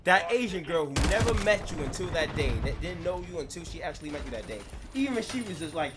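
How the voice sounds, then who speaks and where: A brash man mocks and trash-talks as he rants on his live stream, slightly high-pitched for a man. He laughs at his own jokes while game music and gunfire play loudly underneath. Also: animated, fast, hardly any pauses. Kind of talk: ranting storytelling on a live stream.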